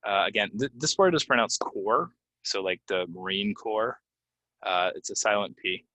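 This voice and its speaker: Male teacher, deep and bright, dry close sound, casual and filler-heavy. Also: no room sound, low-quality recording. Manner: casual, explains with many fillers and repeats words slowly. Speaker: English pronunciation teacher. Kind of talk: relaxed video lesson. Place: Florida.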